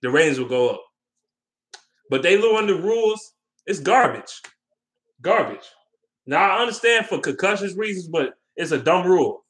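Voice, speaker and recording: A man's voice: high voice, sing-song, moderate pace, long pauses, a bit bright. A man ranting heatedly and with lots of swearing on his vlog, repeating his points and taking viewer questions. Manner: heated, profane, repetitive ranting. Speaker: vlogger. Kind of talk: casual sports rant.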